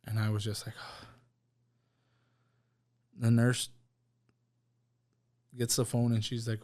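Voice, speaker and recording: A man speaks in a low-key, monotone voice with little rise and fall, telling his own story as a podcast guest. He halts often, restarts and repeats words, and voices the people he quotes in his own plain tone. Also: slow, long pauses. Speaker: guest sharing a personal testimony. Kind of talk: emotional personal storytelling. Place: podcast studio.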